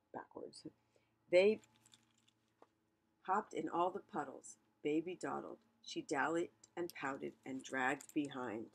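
Woman reading a storybook aloud, husky, gravelly, chatty asides. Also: sits low.

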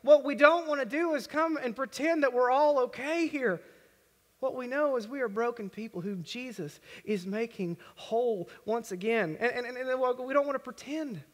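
Male pastor, very high voice, earnest and conversational sermon, long church-hall reverb. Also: moderate pace. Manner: conversational, earnest preaching with acted prayers. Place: church worship center.

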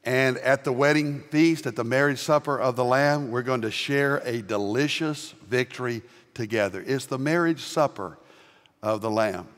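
An older man from the American South with a Southern accent, preaching a sermon as pastor with homespun humor and loud, emphatic rises. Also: medium pitch, moderate pace. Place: large church sanctuary. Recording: long reverb of a large church.

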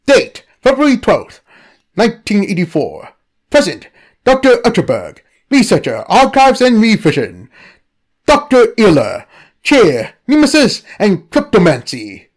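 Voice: mid-range voice, wildly swooping pitch, unhurried. A narrator reading a comedic anomaly file in a scripted style.

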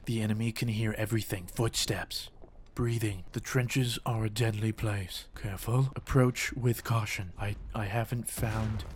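A man commenting on his own gameplay, switching between mock-serious war narration and excited, jokey outbursts. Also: lowish voice, slight background noise. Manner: jokey, teasing. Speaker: gaming YouTuber.

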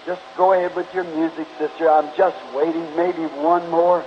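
A man's voice: a little high, level tone, normal speed. A man preaching an altar call and closing in prayer, pleading fervently with the congregation at a church meeting. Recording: dull lo-fi 1950s tape, faint hiss.

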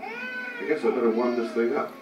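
An actor playing a middle-aged detective, speaking softly and coaxingly to a baby, in a video game. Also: male voice, mid-range voice, huge pitch swings, normal speed. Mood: tender. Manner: soft, coaxing baby talk. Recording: roomy, distant game audio with music.

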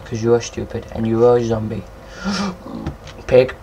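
A young man giving casual, rambling let's-play commentary, excitable and swearing at monsters. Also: mid-range voice, a little slow, background noise. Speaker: gameplay commentator.

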